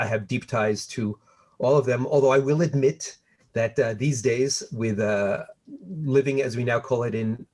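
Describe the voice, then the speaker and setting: Husky-voiced man, animated wry storyteller. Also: medium pitch. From Montreal. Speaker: guest historian. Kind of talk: conversational lecture.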